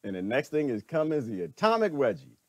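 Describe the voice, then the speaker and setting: A middle-aged man giving a preachy, animated monologue as a vlogger, laughing often and repeating himself. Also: mid-range voice, fast talker, no room sound. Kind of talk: ranting commentary monologue.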